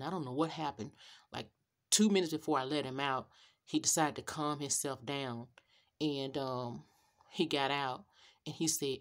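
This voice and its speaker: A middle-aged woman speaks straight to her viewers in a casual storytelling rant, animated and sassy. Her voice sits a little low for a woman. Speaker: rideshare driver vlogger.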